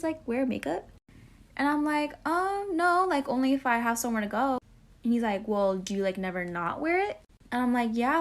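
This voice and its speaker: A young woman casually telling a dating story, chatty with lots of fillers, acting out both sides. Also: a little high.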